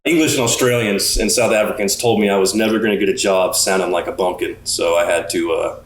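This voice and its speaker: A man's voice: low-pitched, fairly even intonation, quick pace, echoey room. A man from Louisiana, a boat engineer, chatting casually with dry humor. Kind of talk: casual interview chat.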